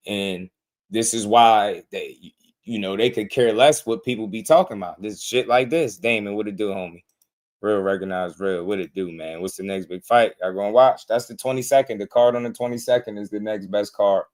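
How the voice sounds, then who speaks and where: A man hosting a boxing channel, ranting in casual commentary, repeating himself and calling listeners bro. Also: fairly low pitch. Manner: animated, repetitive, slangy, calls listeners bro.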